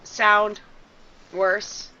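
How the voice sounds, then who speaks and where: A woman co-hosting a chat show, teasing and offhand, often trailing off quietly. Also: medium pitch, flat delivery, extremely slow. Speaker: podcast co-host. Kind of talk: casual chat. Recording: dull lo-fi stream audio.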